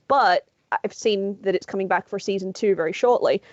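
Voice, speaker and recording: A woman's voice: medium pitch, fairly even intonation, moderate pace, hardly any pauses, dry recording, muffled recording. A woman co-hosting a casual podcast chat, talking with enthusiasm and casual swearing. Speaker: podcast co-host.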